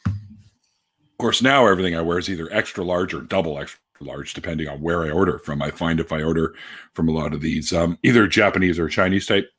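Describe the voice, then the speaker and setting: A man's voice: low-pitched, a little fast, a bit bright, slightly rough. A man hosting a casual video chat, telling profane jokey stories and acting out the other voices. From Canada. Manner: joking, profane storyteller who acts out voices. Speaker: host.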